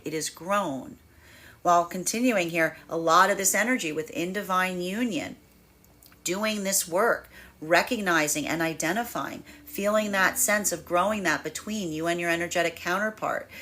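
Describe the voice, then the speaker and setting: A woman's voice: lowish voice, a bit bright. A woman giving a spiritual tarot energy reading, talking freely and acting out quoted inner voices with laughs and stammered repeats. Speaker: tarot reader.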